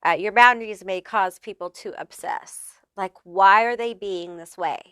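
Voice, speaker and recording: A woman's voice: mid-range voice, normal speed, fairly bright tone, smooth, no echo, studio quality. A woman giving a casual pick-a-card tarot reading, chatty and reassuring, who swears freely and keeps checking in with "okay?" and "honey.". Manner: reassuring, affirming. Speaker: tarot reader.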